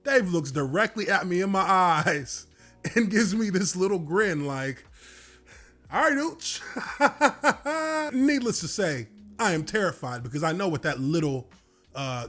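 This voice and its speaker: A man, a former football lineman, telling a story from his playing days in an animated way, swearing and laughing now and then. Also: on the high side. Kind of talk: storytelling monologue.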